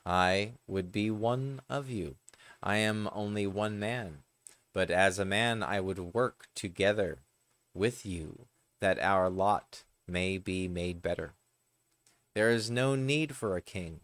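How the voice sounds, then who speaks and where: Man voicing a solemn humble king, low and dry, parable reading. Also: takes it slowly, a bit bright, no echo. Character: humble king giving up his crown.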